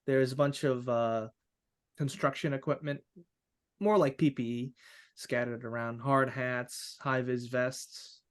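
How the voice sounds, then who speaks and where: Mid-pitched man narrating as game master. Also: slow, pauses often. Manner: descriptive, many fillers.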